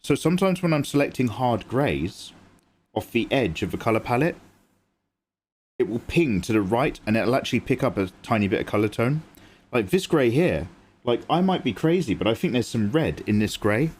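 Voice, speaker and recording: A man's voice: medium pitch, sing-song, moderate pace, a little mellow, slightly rough. A young man, chatting casually with viewers and explaining his drawing as he works on a livestream. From England. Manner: chatty, reads and answers chat, explains as he works. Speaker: livestream artist.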